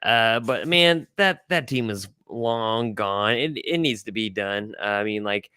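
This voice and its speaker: A man's voice: on the low side, expressive, measured pace, bright, forceful tone, smooth, no room sound, studio quality. A man co-hosting a casual sports podcast, giving blunt opinions and often restarting his sentences. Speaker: podcast co-host.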